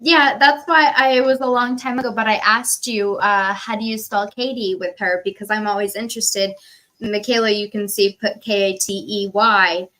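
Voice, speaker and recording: A woman's voice: mid-range voice, steady tone, moderate pace, pushed and bright, poor audio. A woman hosting a casual live chat stream, asking friendly, curious questions.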